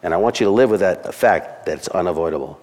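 A man's voice: sits low, quick pace, darkish tone, big-room sound. A man preaching a sermon as pastor, emphatic and conversational, acting out quotes as he explains the text.

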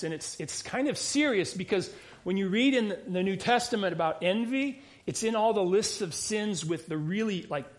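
A pastor with a noticeably high voice, preaching a sermon. He talks through the passage in a loose, conversational way, stopping and restarting phrases and dropping in casual asides. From United States.

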